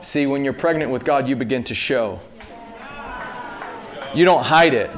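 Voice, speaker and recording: A man in his thirties preaching a sermon, talking casually to the congregation and building to loud, impassioned peaks. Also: medium pitch, unhurried. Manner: rising to loud impassioned peaks, calls to the audience.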